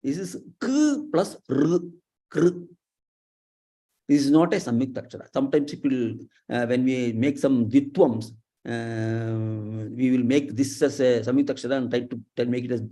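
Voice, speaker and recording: Guy teaching letter sounds, slow careful syllables, lots of uh's. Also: medium pitch, warm tone. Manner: drawn-out syllables, many uh fillers. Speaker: Sanskrit pronunciation teacher. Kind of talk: explaining slowly, letter by letter.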